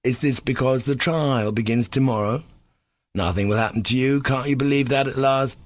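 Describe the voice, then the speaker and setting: A man's voice: medium pitch, normal speed, dry recording, voice pushed up, lightly acted. A man reading an audiobook, voicing a sick former valet who drawls with contempt. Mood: scornful.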